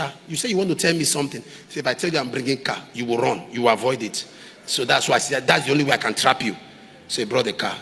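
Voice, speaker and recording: A man with a Nigerian English accent preaching a sermon, swinging between loud fervent outbursts and low, quiet storytelling. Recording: large hall reverb, faint noise.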